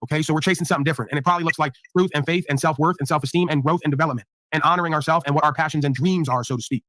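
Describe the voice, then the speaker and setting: A man's voice: fairly high pitch, very fast, fairly bright tone, dry recording. A man hosting a livestream panel, preaching profane motivational talk to his guests. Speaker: panel host.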